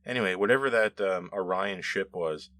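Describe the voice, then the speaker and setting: A man's voice: deep voice, normal speed, sharp tone, a little hiss or hum. A man hosting a show, casually reading and answering viewer comments in a rambling, self-correcting way with frequent laughs.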